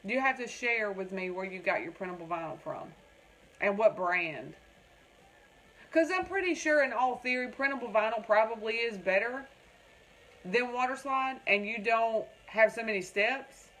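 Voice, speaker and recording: A woman's voice: a little high, lively intonation, moderate pace, fairly bright tone. A woman hosting a casual craft livestream, rambling and chatting with viewers in the comments.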